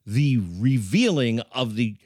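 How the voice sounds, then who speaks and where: A man's voice: mid-range voice, lively intonation, slow pace, a little mellow. A man co-hosting a comedy podcast, joking playfully and laughing often. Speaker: podcast co-host.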